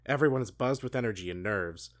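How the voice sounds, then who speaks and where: A man co-hosting a show, reading a gamebook aloud with hushed dramatic delivery and laughing asides. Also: fairly low pitch. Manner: hushed and slow when reading, then swearing and laughing in asides. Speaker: podcast co-host reading a book aloud. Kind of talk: dramatic read-aloud with banter.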